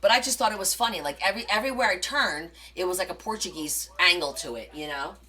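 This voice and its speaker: A woman's voice: lowish voice, fast. A middle-aged woman with a New Jersey accent, chatting casually on a live stream and acting out the voices in her stories, with many fillers. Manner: animated, acts out quoted voices, many fillers. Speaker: live stream crafting host. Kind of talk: casual storytelling chat.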